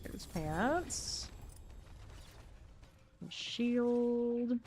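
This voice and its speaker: A woman's voice: on the high side, expressive, extremely slow, background noise. A woman streamer chatting casually and thinking aloud while she sorts loot during gameplay commentary.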